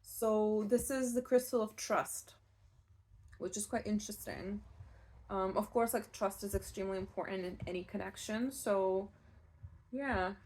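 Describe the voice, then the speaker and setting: A woman giving a casual pick-a-card tarot reading, chatty and rambling, with soft laughs and fillers. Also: medium pitch, measured pace. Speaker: tarot reader.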